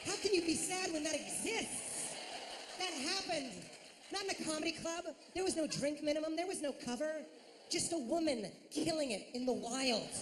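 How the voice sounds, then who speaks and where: Lively male stand-up comedian. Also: moderate pace, noisy background. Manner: animated, jumps into high shrill voices for impressions. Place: comedy stage.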